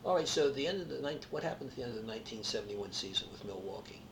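A man's voice: medium pitch, animated, racing. A man interviewing a former player, chiming in with short questions and agreements. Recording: distant mic with clear background noise.

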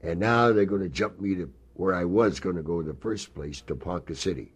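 An older former ballplayer tells rambling, folksy stories in an oral history interview, using many fillers. His voice sits low, slightly rough, and he speaks briskly.

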